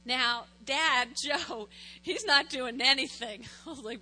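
A woman pastor preaching a sermon to her congregation, telling a family story in an animated way, with acted quotes. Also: high voice, measured pace, big-room sound.

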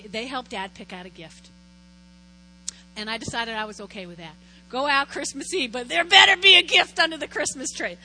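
A middle-aged woman pastor preaching in a lively, conversational way, telling stories and constantly checking in with her listeners. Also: high-pitched, poor audio. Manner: animated, storytelling, keeps checking in with "right?". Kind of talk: conversational sermon.

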